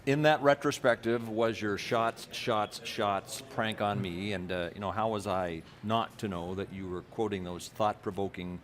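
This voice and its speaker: A man's voice: fairly low pitch, normal speed, hardly any pauses, a bit bright. A man hosting a TV sports interview, teasing his guest in a dry, mock-pompous way. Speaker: host. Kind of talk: TV sports talk-show interview. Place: arena broadcast set.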